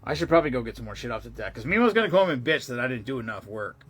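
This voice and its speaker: Husky, rambling livestream host. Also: male voice, medium pitch, sing-song, very fast, a bit bright. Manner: rambling, profane, with many restarts and trailing off. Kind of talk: casual livestream chat.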